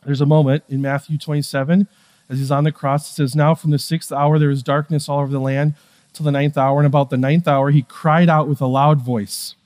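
Male pastor, fairly high voice, casual sermon delivery that drops to a hush and then builds up loud. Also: flat delivery, fairly quick. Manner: swings from hushed, quiet passages to raised, emphatic ones; conversational, with fillers and asides.

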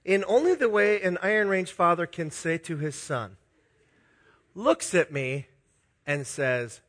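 A middle-aged pastor from Minnesota weaves self-deprecating personal stories into his sermon, confessional and prone to chuckling. He speaks a little slowly in a slightly high, expressive, somewhat bright voice.

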